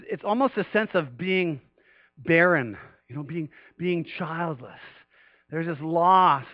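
A male pastor preaches with animated swells, his voice pushing higher and louder to stress a point. His voice sits a little high for a man. The recording is dry and a bit dull, with no room echo. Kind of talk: sermon.

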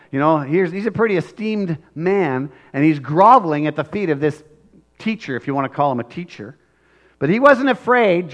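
High-voiced earnest male preacher. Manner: earnest, swells loud and slows when acting out pleas. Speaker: pastor. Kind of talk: sermon.

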